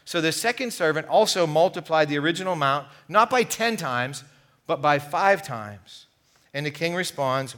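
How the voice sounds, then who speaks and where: A middle-aged man preaching a sermon as pastor, telling a parable with animated delivery and acting out the characters' lines. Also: a little high, moderate pace. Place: church sanctuary.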